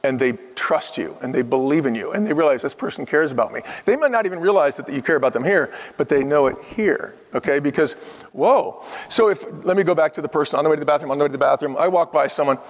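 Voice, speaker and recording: A man in his fifties, speaking earnestly and emphatically as a podcast guest. His voice sits a little high for a man. The recording carries a long hall reverb. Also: animated, quick pace. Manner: earnest, emphatic storytelling that acts out the people he quotes. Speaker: podcast guest, former restaurant chief executive. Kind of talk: conversational interview.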